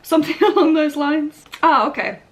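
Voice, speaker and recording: Young woman host, slightly higher voice, chatty and upbeat, walks through lines word by word. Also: animated. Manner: chatty, laughs often, sounds out words slowly. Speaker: vlog host learning Korean. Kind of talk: casual explaining of phrases and line-reading.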